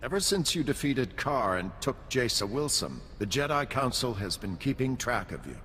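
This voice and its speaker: Game role: a dignified Jedi Master, measured and formal, bright tone, lively pitch. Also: male voice, long reverb tail, a little hiss or hum. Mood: calm. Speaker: video game character.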